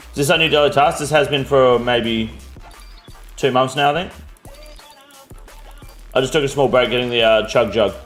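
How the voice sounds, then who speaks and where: Blunt, profane Australian streamer. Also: male voice, medium pitch, a bit bright. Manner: blunt, profane, answers chat questions. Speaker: game streamer. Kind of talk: casual live-stream chat.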